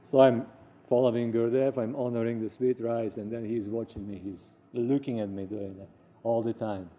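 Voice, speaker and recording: A man recounts personal anecdotes with lively storytelling energy, slipping into the voices of the people he quotes. His tone is very dark and mellow, and his pitch sits in an average male range. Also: normal speed. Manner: animated, acts out quoted voices.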